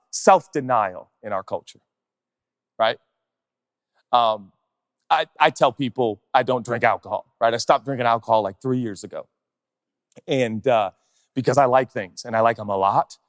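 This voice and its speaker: A pastor preaching on stage, impassioned, dropping to a hush and then rising loud, firing off rhetorical questions. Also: male voice, medium pitch, lively intonation, no room sound, clean studio sound, in a large hall. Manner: impassioned, swinging between hushed and loud; rapid-fire rhetorical questions. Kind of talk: sermon. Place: on stage in a large hall.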